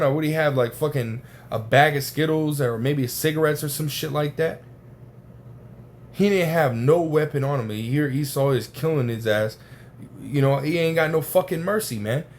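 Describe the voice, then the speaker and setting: A man's voice: a little high, a little hiss or hum. A man giving an informal religious teaching, talking casually and profanely and tagging his points with "right?" and "man". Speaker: scripture teacher.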